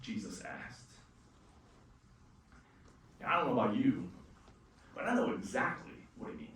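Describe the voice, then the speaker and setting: A man preaching a sermon as pastor, animated and conversational, acting out quotes as he goes. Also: mid-range voice, unhurried, long pauses. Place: church auditorium. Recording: echoey church hall, distant mic.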